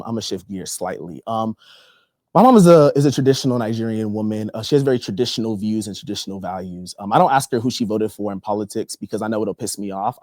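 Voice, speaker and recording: A young man from Texas doing stand-up comedy, telling a story in an animated, profane way. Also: medium pitch, dry recording, studio quality. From Texas, USA. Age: young adult.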